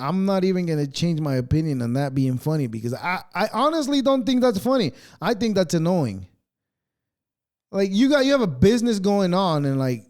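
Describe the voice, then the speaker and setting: A man's voice: sits high, clean tone. A man hosting a podcast, ranting casually with heavy swearing and sarcasm as he reacts to clips. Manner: profane, sarcastic, animated ranting. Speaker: podcast host.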